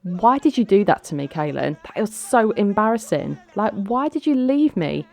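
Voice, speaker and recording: A woman voicing an angry, heartbroken man left at the altar, speaking in quick indignant accusations during a life-sim game playthrough. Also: fairly low pitch, darkish tone, natural voice. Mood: angry, hurt.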